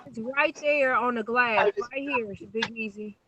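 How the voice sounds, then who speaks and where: A woman's voice: a little high, a little slow, lo-fi sound, background noise. A woman on a group video call from a tablet, chatting playfully and directing the camera around. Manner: lively, playful, gives directions while filming. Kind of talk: casual chat.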